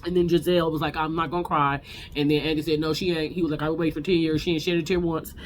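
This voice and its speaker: A woman's voice: deep voice, little pitch movement, quick pace, slight background noise. Sassy woman giving a blunt TV recap. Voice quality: blunt, sassy, candid, with frequent restarts. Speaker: reality TV recap host. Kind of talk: casual recap commentary.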